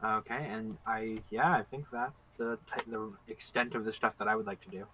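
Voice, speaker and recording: A man's voice: fairly low pitch, normal speed, bright, forceful tone, slight background noise, low-quality recording. A man playing in a tabletop game, talking casually with hesitant fillers. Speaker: player.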